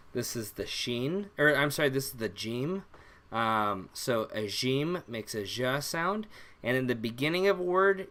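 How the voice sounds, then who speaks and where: A young man teaching an alphabet lesson on a live stream, relaxed and rambling, with many fillers and self-corrections. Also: medium pitch. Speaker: language teacher.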